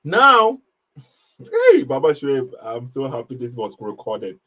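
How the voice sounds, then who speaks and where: A man's voice: mid-range voice, huge pitch swings, a little slow, sharp tone. A man hosting a live online debate, talking emphatically and mocking the caller's argument. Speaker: live stream host. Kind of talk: casual live debate commentary.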